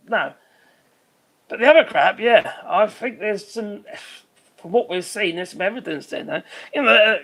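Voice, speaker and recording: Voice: medium pitch, vocal fry, fairly bright tone. Exasperated streamer, swearing freely. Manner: swears freely, exasperated, trails off searching for names. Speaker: live stream host. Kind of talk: rambling live commentary.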